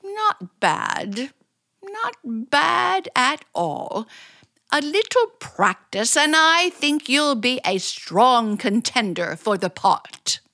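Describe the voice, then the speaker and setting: Bright, slow, showy female drama coach from an old radio comedy. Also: sits high, very animated, heavily acted. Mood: grand. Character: theatrical female drama teacher, fussy and grand. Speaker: acting coach. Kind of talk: 1940s radio acting.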